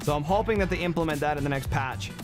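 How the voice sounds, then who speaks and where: Male game streamer, voice sits a bit high, off-the-cuff chat with chat, repeats himself, music bed audible. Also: fast talker. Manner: rambling, reacts to chat with fillers and repeats. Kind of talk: casual livestream chat.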